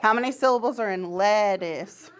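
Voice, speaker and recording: A woman's voice: medium pitch, moderate pace. A young woman teaching a pre-kindergarten class in a classroom, upbeat and encouraging, giving short firm directions to small children. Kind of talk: classroom instruction.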